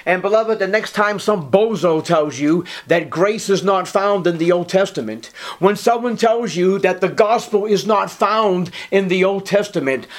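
Impassioned preacher man, hushed to ringing. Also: sits high, unhurried, few pauses. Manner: swings from hushed to ringing emphasis; reads scripture in old-fashioned wording. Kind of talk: sermon.

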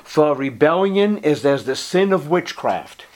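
A man preaching a sermon, reading scripture in old-fashioned wording and pleading with his listeners, his voice dropping to a hush and then rising to ringing emphasis. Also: fairly high pitch, expressive, measured pace. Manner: swings from hushed to ringing emphasis; pleading, urgent appeals to listeners.

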